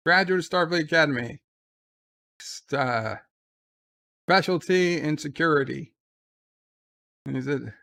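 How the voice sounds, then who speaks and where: A man's voice: on the high side, a little slow, creaky, pauses often, bright, forceful tone. A man giving casual live commentary while watching a show. He hums theme music, then recaps scenes in loose, stumbling quoted dialogue. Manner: loose, rambling, stumbles and restarts.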